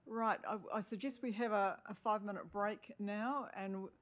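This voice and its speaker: A New Zealand woman chairing a council meeting, brisk and procedural. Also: mid-range voice, steady tone, a bit bright.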